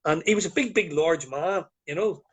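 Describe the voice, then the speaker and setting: This Northern Irish man has a husky, fairly bright voice that sits on the high side, moving at a normal speed. Appearing as a guest on a live video call, he tells meandering stories full of fillers in an easygoing chat.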